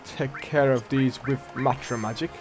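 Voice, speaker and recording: A man's voice: medium pitch, normal speed. Rambling man commenting on gameplay. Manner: rambling, self-correcting. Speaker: let's play host. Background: faint game music.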